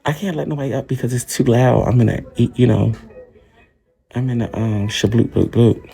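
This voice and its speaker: A man's voice: mid-range voice, brisk, vocal fry, dark tone, husky. A man livestreaming from a hospital room on a phone mic, talking straight to his commenters in a defensive, repetitive rant.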